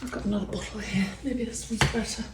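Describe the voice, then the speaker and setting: This woman's medium-pitched voice is steady and fast, and the audio is very noisy with a roomy echo. She's a resin art tutorial maker giving a casual step-by-step craft demo, chatting and thinking aloud with the odd um.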